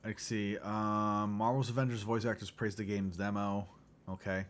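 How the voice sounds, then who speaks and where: A man hosting a casual livestream chat, loose and profane, who often clears his throat. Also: lowish voice, level tone, normal speed. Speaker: livestream host.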